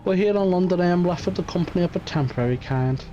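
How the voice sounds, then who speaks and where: A man's voice: high voice, quick pace, mellow, voice pushed up, close to an everyday voice. A man voicing a lovesick, flamboyant Spanish fishmonger in a game reading, with a put-on Spanish accent. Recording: muffled stream audio, faint music.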